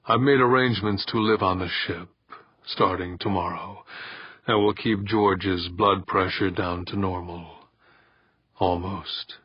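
A man's voice: deep voice, measured pace, husky, no room sound, highs cut off. A man reading an audiobook, voicing a terse half-machine cyborg man who speaks curtly. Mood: flat. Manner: curt, flat.

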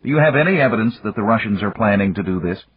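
A man's voice: fairly low pitch, expressive, fast talker, breathy edge. A man voicing a blunt, combative male industrialist in an audiobook. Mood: defiant. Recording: dull lo-fi audiobook recording.

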